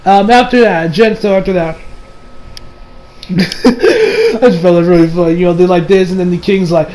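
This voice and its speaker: A man's voice: high voice, animated, moderate pace, darkish tone, slight background noise, rough recording. A young man casually recapping an anime episode, rambling with lots of fillers and laughs. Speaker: anime reviewer.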